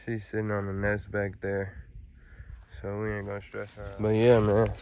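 A man vlogging outdoors on his rural property, talking in a laid-back, slangy way and calling loudly to his dog. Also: fairly low pitch, completely flat delivery, normal speed, a little hiss or hum. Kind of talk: casual outdoor vlog.

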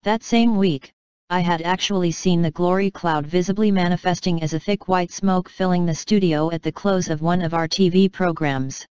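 A woman's voice: fairly low pitch, normal speed, a little mellow, smooth, no room sound, low-quality recording. Earnest woman reading her devotional memoir. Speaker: author narrating her own book. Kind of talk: devotional audiobook narration.

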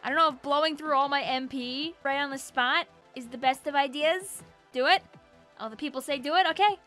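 High, bright, excitable woman gamer. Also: a little fast, faint music behind. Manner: excitable, joking, talks to the game characters. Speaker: gaming channel host. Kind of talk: let's play commentary.

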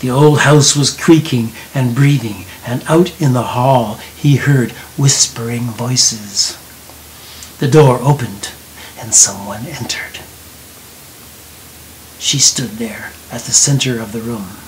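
A man reads a storybook aloud slowly and gently, often dropping to a near whisper during quiet moments. The audio is poor, with a faint steady hiss underneath.

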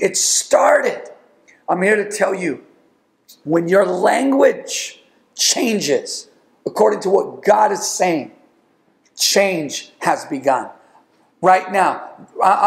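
A man's voice: high voice, roomy sound. A man preaching a sermon as pastor, emphatic, with rising calls to the congregation. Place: church sanctuary.

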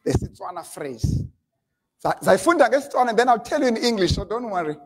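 A pastor preaches in church, switching between English and Xhosa and building up to shouted lines. His voice is extremely high, sing-song, and quick.

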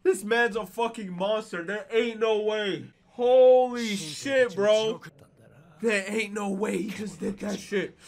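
A young man giving anime reaction commentary, excitable and swearing, with emotional outbursts. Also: high voice, slow, vocal fry. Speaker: reaction streamer.

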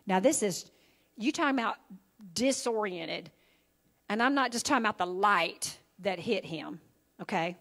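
In a church sanctuary, a woman pastor preaches an evening sermon conversationally, often checking in with listeners with "okay?" and "right?". Her medium-pitched voice is animated and fairly bright, unhurried, with long pauses.

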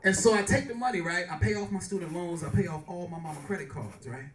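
A male stand-up comedian telling loud, animated stories on a club stage and working the crowd. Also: high voice, fast talker. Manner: loud, brash, animated storytelling with crowd work. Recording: echoey club, mic far, audience loud.

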